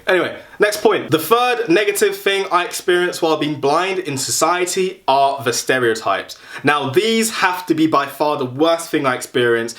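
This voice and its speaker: A man's voice: fairly high pitch, fairly bright tone. Young man, casual vlogger, wry and self-mocking. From London. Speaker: YouTuber. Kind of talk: casual vlog talk.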